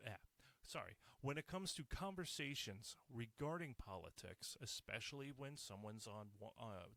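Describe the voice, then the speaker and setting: A man's voice: medium pitch, a bit bright, no room sound. Blunt, swearing man. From United States. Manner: blunt, profane, ranting. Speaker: podcast host. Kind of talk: casual solo monologue.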